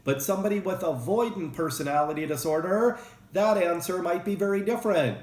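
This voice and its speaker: A man's voice: high voice, brisk, darkish tone. A man giving a casual psychology lecture, joking and acting out short examples. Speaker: psychology professor. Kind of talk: recorded lecture. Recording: roomy echo.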